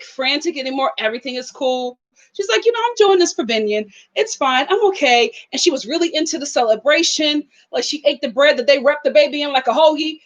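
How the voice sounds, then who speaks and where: A young woman hosting a reality TV review, chatting casually and animatedly, often laughing and acting out what people said. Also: sits high. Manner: animated, laughing, acts out quotes. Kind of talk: casual chat.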